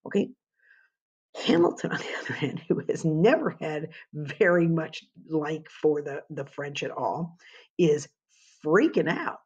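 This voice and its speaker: Gravelly woman giving a history lecture. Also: deep voice, animated, unhurried, darkish tone, muffled recording. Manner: conversational, asks rhetorical questions. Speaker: history teacher. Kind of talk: informal classroom lecture.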